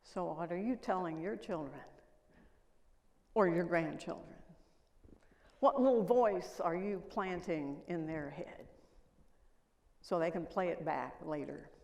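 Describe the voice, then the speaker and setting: Slow and full of pauses, an older woman's lowish, creaky, slightly mellow voice carries her conference keynote. She tells stories and quizzes the audience, with the lecture hall adding reverb.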